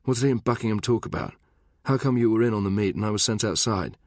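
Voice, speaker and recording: A man's voice: lowish voice, fast talker, a little mellow, dry recording, studio quality, pitched above the performer's own voice, natural voice. A man voicing a young soldier who presses insistently, in an audiobook. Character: young male soldier, pushy and angry.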